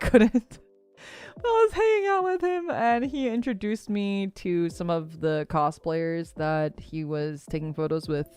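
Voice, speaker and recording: A young woman streaming a casual chat, rambling through stories with lots of fillers. She gushes and laughs often, her voice jumping far up in pitch when excited, and she swears without a second thought. Soft music plays faintly underneath. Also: clear, resonant tone.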